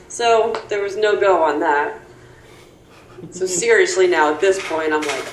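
A woman telling a funny personal anecdote in an animated, playful way, with a roomy recording sound. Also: normal speed, a little hiss or hum. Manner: animated, playful, jumps high for quoted voices. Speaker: storyteller.

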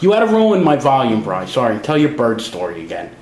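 A man's voice: mid-range voice, wildly swooping pitch, brisk. A man co-hosting a casual podcast, teasing and interrupting his friend. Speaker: podcast co-host. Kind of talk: casual chat. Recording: roomy, loud noise and clicks.

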